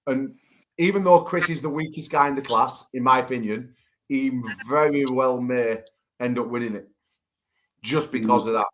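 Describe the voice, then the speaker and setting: A mid-range voice at a moderate pace, with a little hiss or hum in the audio, belongs to a man hosting a casual video-call chat show. He swaps teasing and swearing with his guests and laughs out loud.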